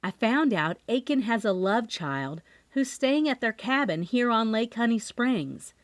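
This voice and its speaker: A cheerful young amateur sleuth speaks in a bright, upbeat way, as a woman narrator voices her. Her voice sits a little above the narration and rises and falls with lively expression. It is recorded close and dry. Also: a little high, unhurried, no room sound.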